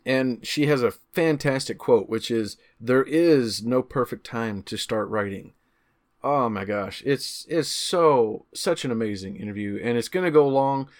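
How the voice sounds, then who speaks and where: A man's voice: mid-range voice, unhurried. A man in his thirties hosting a podcast, introducing his guest in an enthusiastic, chatty way and joking about his own age. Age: 30s. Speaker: podcast host.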